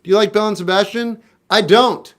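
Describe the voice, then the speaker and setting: A wry, laid-back man in his forties from South Florida chats casually on a music livestream, answering viewers' questions. His voice is high-pitched and brisk.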